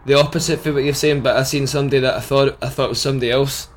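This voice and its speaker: A man's voice: mid-range voice, fairly even intonation, very fast, a little hiss or hum. A man co-hosting a podcast, recounting a funny news item in hesitant casual chat with chuckles. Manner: hesitant, chuckling, lots of fillers. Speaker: podcast co-host.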